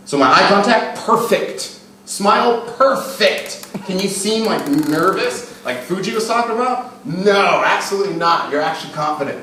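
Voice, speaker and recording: A crude, animated man speaks at a live seminar, swinging between loud hype and low murmured demonstrations. His voice sits fairly high for a man. He is picked up from a distance in a very echoey hall with faint ambience. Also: brisk, slight background noise. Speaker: dating coach speaking at a seminar. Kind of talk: live seminar talk to an audience. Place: event hall.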